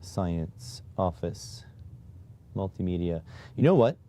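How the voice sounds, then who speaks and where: Low-voiced guy from canada rambling on his stream, slow and mellow, keys typing in the back. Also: animated, a little hiss or hum. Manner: muttering to himself while typing commands. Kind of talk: casual live-stream chat. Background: keyboard typing.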